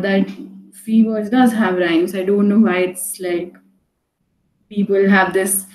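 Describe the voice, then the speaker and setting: Woman, poetry teacher, online class, mellow tone, lots of fillers and "right?", echoey room. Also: medium pitch. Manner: chatty, with many fillers and restarts; checks in with "right?" often.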